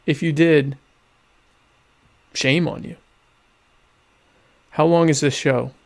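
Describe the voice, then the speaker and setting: A young man with a slightly higher-pitched voice hosts a loose live-stream chat. He reads viewer comments aloud and answers them with dry, mock-grandiose sarcasm. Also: steady tone, slow pace, a little mellow, a little hiss or hum. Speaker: podcast host.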